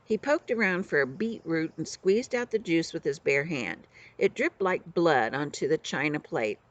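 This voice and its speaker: An older woman, a grandmother, reading a children's book aloud with expressive storytelling. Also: deep voice, moderate pace, lo-fi sound.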